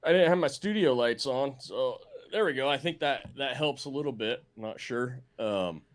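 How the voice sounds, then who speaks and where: A man's voice: mid-range voice, expressive, moderate pace. A man hosting a casual call-in talk show, easygoing, with brief reactions.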